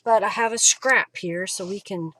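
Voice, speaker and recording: A woman's voice: medium pitch, normal speed, fairly bright tone, slight background noise. A woman hosting a live crafting demonstration at home, chatting and thinking aloud with fillers as she works. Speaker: craft host.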